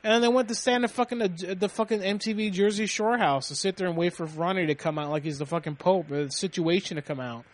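A man's voice: high voice, quick pace, hardly any pauses. A man co-hosting a casual, profane chat show, telling stories and acting out quotes. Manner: animated storytelling, swears a lot, acts out quotes. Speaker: podcast co-host.

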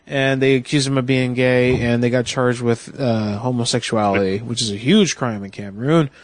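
A man hosting a late-night internet radio show, rambling with many halting restarts. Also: medium pitch, steady tone, no room sound.

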